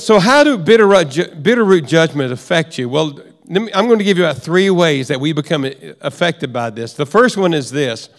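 A middle-aged male preacher teaching in a relaxed, conversational way, looping back over his own phrases. His voice sits fairly high for a man. A long reverb trails behind him in a big church hall. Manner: conversational, with repetitions and restarts. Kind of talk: sermon teaching.

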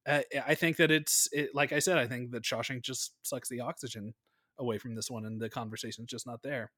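A man co-hosting a podcast, talking films casually, rambling and animated, swearing freely. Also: mid-range voice, brisk, no echo, clean studio sound. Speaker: podcast co-host. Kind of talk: casual film discussion.

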